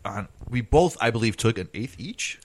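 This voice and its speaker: A man's voice: on the low side, expressive, normal speed. Man telling a profane, loose story. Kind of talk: casual comedy chat.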